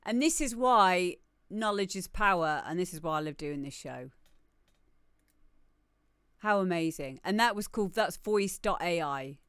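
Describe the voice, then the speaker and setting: A woman's voice: on the low side, expressive, measured pace, a bit bright, smooth, dry recording, clean studio sound. A woman with a British accent hosting a live music stream, chatting casually as she reacts to a video. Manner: easygoing, reacting aloud to a video.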